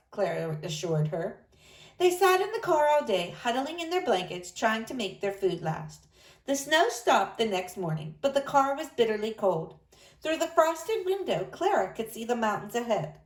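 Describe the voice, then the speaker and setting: Woman, storybook read-aloud, expressive, lively pitch, fairly high voice. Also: normal speed. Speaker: narrator.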